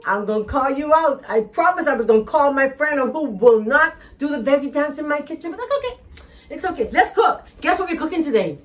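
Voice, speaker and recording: A Bahamian woman hosting a cooking show from her kitchen, chatting in a bubbly, teasing way. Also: a little high. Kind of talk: lively cooking show chat. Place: home kitchen.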